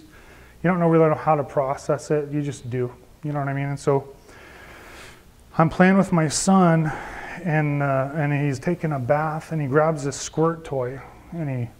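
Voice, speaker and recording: A man in his thirties, an evangelist, earnestly shares his personal testimony with a group, often lowering into quieter, confessional asides. His pitch is fairly high.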